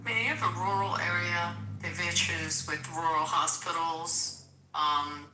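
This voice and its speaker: A woman with a Philadelphia accent, a guest in a casual political discussion, talking haltingly with many restarts. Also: lowish voice, steady tone, bright, forceful tone, reverberant, far from the mic, a little hiss or hum, low-quality recording.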